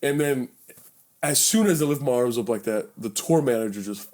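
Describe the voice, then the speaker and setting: Young male podcast host, lively storyteller who voices every character in the tale. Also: mid-range voice, normal speed. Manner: animated storyteller, acts out quotes loudly, swears casually. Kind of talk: casual storytelling chat. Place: bedroom.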